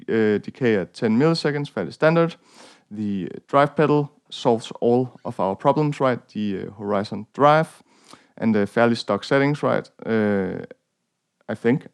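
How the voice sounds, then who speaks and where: Speaking a bit low, at a moderate pace and with a clean tone, a young man from Denmark runs a laid-back guitar tone tutorial in his Danish accent. The gear walkthrough wanders, packed with fillers and self-mocking humor.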